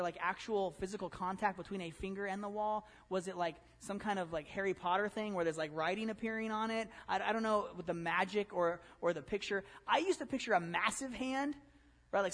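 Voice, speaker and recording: A man pastor giving a conversational, animated sermon, full of rhetorical questions. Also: sits high, big-room sound.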